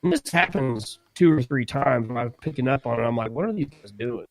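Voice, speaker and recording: A man's voice: medium pitch, brisk, no room sound, low-quality recording. Laughing man telling a store story. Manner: animated, laughs while telling, acts out quotes. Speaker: podcast co-host. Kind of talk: casual storytelling.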